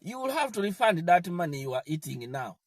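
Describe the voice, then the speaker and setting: A man's voice: high voice, very animated, a little fast, dry recording, clean studio sound. A man ranting about politics, scolding and mocking his targets in a defiant tone. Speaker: political commentator. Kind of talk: animated political rant.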